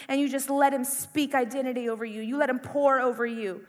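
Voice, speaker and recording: A woman's voice: high voice, fairly even intonation, brisk, hardly any pauses, in a large hall. A woman preaching to a youth crowd, passionate and conversational, with lots of repetition. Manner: impassioned, conversational, full of repetition. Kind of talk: sermon.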